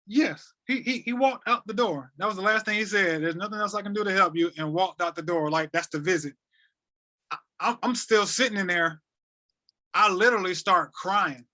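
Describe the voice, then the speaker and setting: A man in his thirties from North Carolina, a podcast guest telling a personal story in an animated way, often repeating words and acting out what others said. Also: sits high, moderate pace. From North Carolina, USA. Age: 30s. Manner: animated, repeats words, acts out quoted dialogue. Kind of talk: emotional storytelling.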